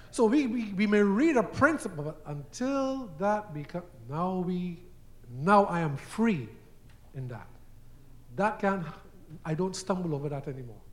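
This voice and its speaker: A man preaching a sermon, telling everyday stories and acting out quoted voices, sometimes repeating words as he goes. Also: high voice. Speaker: guest preacher. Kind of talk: sermon teaching.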